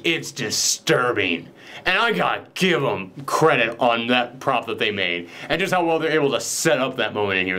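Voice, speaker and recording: A man's voice: mid-range voice, fairly bright tone. A young man chatting through a film's ending with a friend in a loose, casual way, swearing now and then. He slips into quoted lines as he retells scenes, in his everyday speaking voice. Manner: loose, profane, acts out quotes. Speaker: film reviewer. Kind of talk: casual spoiler chat.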